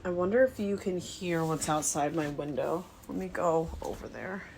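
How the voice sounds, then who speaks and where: A woman with a low-sitting voice talks at a normal speed, with a little hiss or hum on the recording. She's a home cooking vlogger in her small apartment kitchen, chatting to the camera in a relaxed, rambling way as she thinks aloud and drifts between thoughts.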